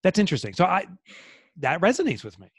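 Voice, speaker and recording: Animated, high-pitched man hosting a chat. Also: quick pace, breathy edge, no echo. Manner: animated, jokey storyteller, acts out quoted voices. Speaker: podcast host. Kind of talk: casual chat.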